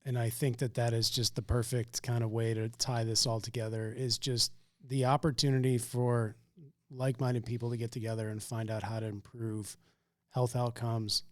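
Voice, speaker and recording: A male podcast host speaks at an ordinary middle pitch, earnest and effusive as he talks. The recording is dry, with no room sound around his voice. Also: dry recording. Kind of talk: conversational interview.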